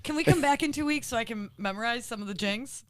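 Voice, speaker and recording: A woman co-hosting a radio show, bantering playfully with quick comebacks. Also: on the high side.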